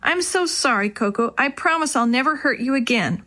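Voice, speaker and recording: An eager young boy in a children's storybook, pleading in a high, emotional voice. A woman reads him out. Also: lively intonation, normal speed, bright, forceful tone. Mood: urgent. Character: eager young boy devoted to his dog.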